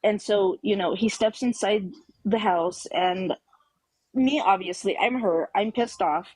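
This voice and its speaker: A woman's voice: mid-range voice, measured pace, darkish tone, breathy edge, dry recording, poor audio. A woman caller on a live talk show telling a personal story emphatically, acting out the quoted dialogue. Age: adult with children.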